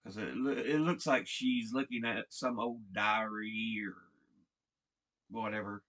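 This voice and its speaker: A man casually retelling a TV episode, halting and repeating words as he restarts his sentences. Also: lowish voice, fairly even intonation, a bit bright. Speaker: show recap vlogger.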